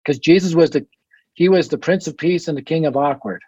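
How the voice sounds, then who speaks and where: A man, a ministry leader as guest on a podcast interview, who tells energetic stories and acts out conversations. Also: fairly high pitch, a little fast, slightly rough, dry recording, highs cut off. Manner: energetic storyteller acting out conversations.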